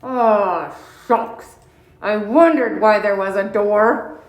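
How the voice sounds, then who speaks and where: A woman voicing an old, sleepy, forgetful giant male bear with a gravelly, slow, drowsy voice. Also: mid-range voice, echoey room, lo-fi sound, natural voice.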